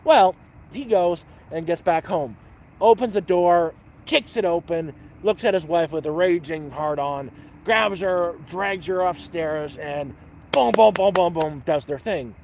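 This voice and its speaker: A man telling a dirty joke on a livestream at an outdoor campfire, rambling and repeating words, with loud sound effects. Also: sits high, measured pace, slight background noise. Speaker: livestream host.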